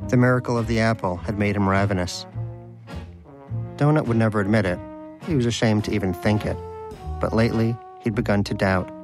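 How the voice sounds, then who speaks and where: Low-voiced man narrating wryly over music. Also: steady tone, a little fast, long pauses. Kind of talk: audiobook narration.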